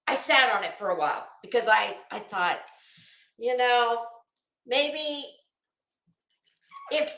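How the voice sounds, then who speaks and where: A woman's voice: high voice, pushed and bright, roomy sound. A woman hosting a casual live stream, greeting viewers by name and swearing freely. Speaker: livestream host.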